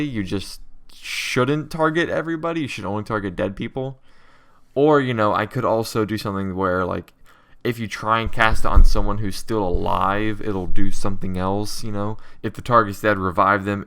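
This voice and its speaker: A man's voice: fairly low pitch, sharp tone, clean tone. A man giving a casual coding walkthrough as a game developer, thinking aloud with lots of fillers.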